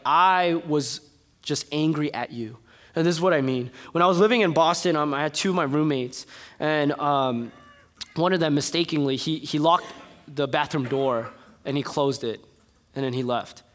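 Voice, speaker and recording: A young man preaching a sermon, telling a personal story with animated energy before turning to soft, earnest exhortation. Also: fairly high pitch, normal speed. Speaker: pastor.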